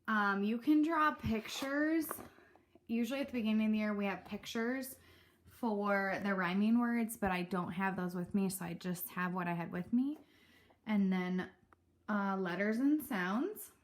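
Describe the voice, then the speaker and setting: A woman teacher talking casually to parents about how she teaches young kids, chatty and relaxed with lots of fillers. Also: mid-range voice, a little slow. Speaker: kindergarten teacher. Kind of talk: casual instructional talk to parents. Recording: echoey room.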